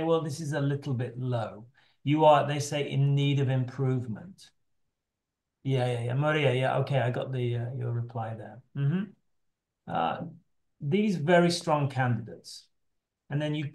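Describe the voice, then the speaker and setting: Middle-aged guy teacher trainer, kinda high voice, rambles and restarts a lot, roomy echo on a video call. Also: a little mellow. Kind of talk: online training session. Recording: echoey room on a video call.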